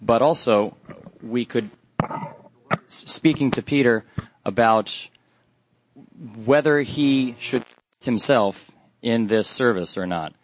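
A man preaching a Bible study sermon in a measured, earnest way, pausing often with fillers. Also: medium pitch, slight background noise.

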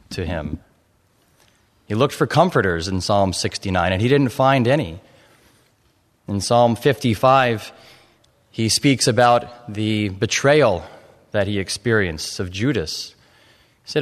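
A man preaching a sermon on a psalm, measured at first and building to fervent emphasis. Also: lowish voice. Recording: long hall reverb.

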